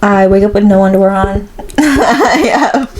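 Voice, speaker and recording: A woman's voice: medium pitch, unhurried, darkish tone, low-quality recording. Young woman, podcast co-host, giggly storyteller, chatty, faint hiss behind. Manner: giggly storyteller, many likes and restarts. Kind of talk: casual chat.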